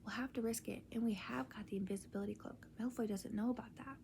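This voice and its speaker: Whispered role-play: woman as a level-headed boy wizard, soft, mellow and dark. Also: on the high side, steady tone, fast, vocal fry, a little hiss or hum. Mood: resolute. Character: determined young boy wizard, calm planner.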